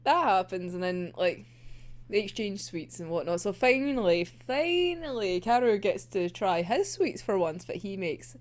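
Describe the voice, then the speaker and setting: A woman's voice: medium pitch, expressive, moderate pace. A young woman casually recapping a manga plot, giggling often and swearing freely as she tells it. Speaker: manga reviewer.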